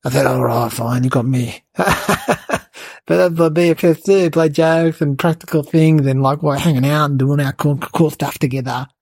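A woman playing a cheeky, clueless little boy who tells a comic story in a rambling, deadpan way with childlike logic. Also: deep voice, normal speed, dry recording. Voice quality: creaky, husky. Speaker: podcast comic character narrator. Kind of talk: comic character monologue.

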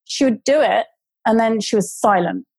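A woman's voice: fairly high pitch, moderate pace, a little mellow, dry recording, poor audio. A woman casually telling a long personal story, with many fillers and restarts. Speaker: guest telling her birth story.

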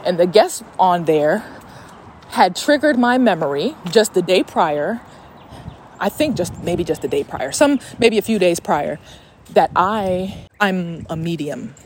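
A woman's voice: on the low side, animated, measured pace, darkish tone, slight background noise. A young woman hosting a podcast in a casual, rambling, profane chat, recorded on a phone voice memo. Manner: chatty, profane, rambling with fillers. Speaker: podcast host.

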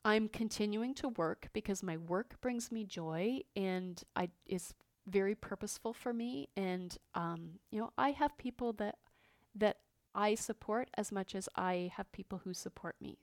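A woman hosting a podcast, talking openly and earnestly about her feelings, with frequent pauses and fillers. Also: medium pitch, creaky, dry recording, clean studio sound. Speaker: podcast host. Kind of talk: personal reflective monologue.

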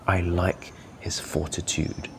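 A man's voice: deep voice, level tone, slow pace, gravelly, slight background noise. A man from Malaysia hosting a podcast, giving earnest, encouraging coaching talk while thinking aloud. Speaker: podcast host.

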